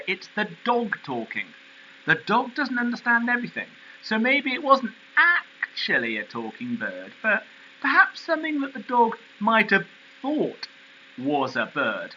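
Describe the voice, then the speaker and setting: Lively high-voiced male teacher. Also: dull audio, a little hiss or hum. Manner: animated, questioning explanations. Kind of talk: recorded lesson.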